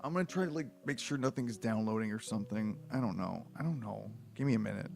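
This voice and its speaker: A man's voice: on the low side, fast, vocal fry, darkish tone, faint music behind. A man reading a book aloud on a livestream, with rambling, profane, exasperated asides. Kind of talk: comedic read-aloud livestream.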